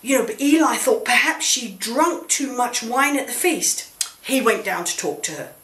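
A woman telling a children's Bible story in church, gently coaxing and asking questions of a puppet. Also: a little high, lively intonation, normal speed. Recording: roomy echo.

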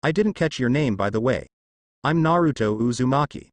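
A friendly teenage boy speaks upbeat and reassuring, his pitch swinging lively, read by a man in his own voice. The sound is close and dry. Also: normal speed, dry recording, lightly acted.

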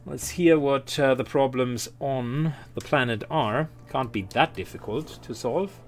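A man's voice: mid-range voice, measured pace. A man hosting a let's play, musing casually about his game with many fillers. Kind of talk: gaming commentary.

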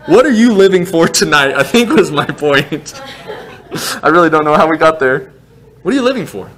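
A male pastor in his thirties preaching a sermon in a church, animated and quick to joke at his own expense. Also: fairly high pitch, a little hiss or hum. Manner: joking, animated, self-deprecating asides. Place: church sanctuary.

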